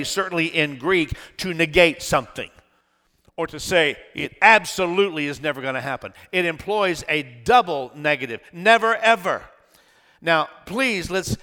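A middle-aged male pastor preaching a sermon, dramatic, swinging from shouts to hushed tones. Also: a little high, long reverb tail.

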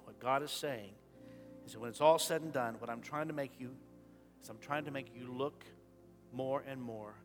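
A man preaching a sermon as pastor, shifting from quiet talk into sudden loud impassioned rises. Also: mid-range voice, moderate pace, over music. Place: church sanctuary.

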